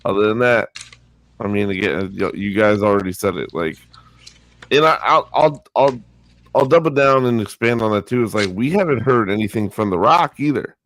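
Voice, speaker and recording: A man's voice: fairly low pitch, normal speed, a bit bright. A man co-hosting a casual wrestling podcast, rambling with many restarts and fillers. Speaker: podcast co-host.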